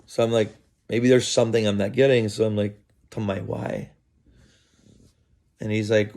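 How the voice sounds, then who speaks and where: A man telling a story in a casual, halting way with many fillers, recorded outdoors in the early morning. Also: fairly low pitch, flat delivery, a little mellow. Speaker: vlogger.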